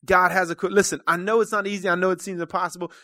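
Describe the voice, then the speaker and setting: A man preaching a sermon to his congregation. His delivery is earnest and conversational, and it swells into loud calls to the room. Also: high voice, flat delivery, rapid-fire, dry recording, clean studio sound. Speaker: church minister.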